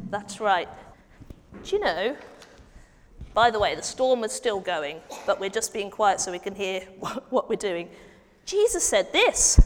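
A woman's voice: medium pitch, sing-song, a little slow. A woman leading an interactive children's Bible story, coaxing the children to act along in a church hall. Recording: long hall reverb, faint noise.

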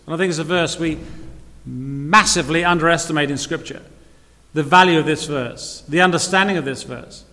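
A man's voice: on the high side, sharp tone. Man, preacher, sermon, rhetorical questions, echoing church hall. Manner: earnest, repeats phrases, asks rhetorical questions. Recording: long reverb of a hall.

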